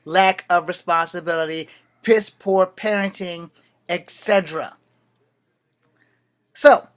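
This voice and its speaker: A man recording a casual comic book review at home late at night. His voice sits a bit high, and he rambles, drifts off on tangents and circles back with restarts. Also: fairly bright tone. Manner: rambling, digressive, with frequent restarts and asides.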